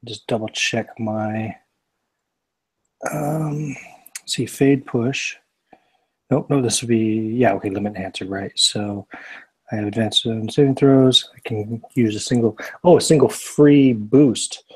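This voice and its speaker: A man playing in a tabletop game, explaining his character's spells with many pauses and fillers. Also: medium pitch, fairly even intonation, a little mellow, breathy edge. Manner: hesitant, rules-checking, many fillers. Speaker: player. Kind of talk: tabletop game play, casual.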